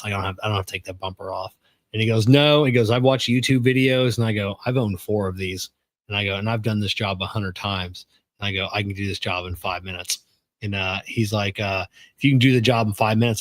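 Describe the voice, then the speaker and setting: Male mechanic co-host, lowish voice, plain unhurried chat, dry recording. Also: a bit bright, no echo. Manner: matter-of-fact, many fillers. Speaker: podcast co-host, car mechanic. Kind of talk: casual chat.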